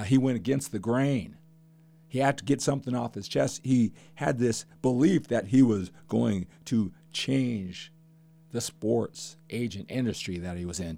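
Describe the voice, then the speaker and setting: A man's voice: lowish voice, creaky, dark tone. An older man hosting a fitness podcast, talking passionately and emphatically and stacking up repeated phrases. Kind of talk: podcast monologue.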